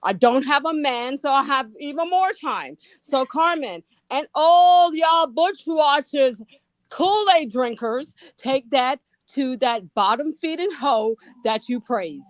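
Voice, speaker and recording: A woman's voice: high voice, lively intonation, takes it slowly, no room sound. An older retired woman, a guest on a livestream, ranting angrily and profanely. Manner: angry, profane, insulting. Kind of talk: heated livestream rant.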